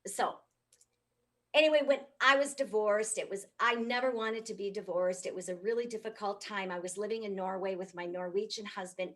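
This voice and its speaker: A middle-aged woman from the United States giving a comic, animated keynote talk. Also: medium pitch, normal speed. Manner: animated, comic, swoops up for punchlines. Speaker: motivational speaker.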